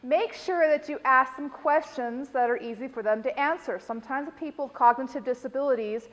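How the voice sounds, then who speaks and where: American woman trainer, fairly high voice, quizzes her class, echoey room. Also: a little fast. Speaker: dementia care trainer.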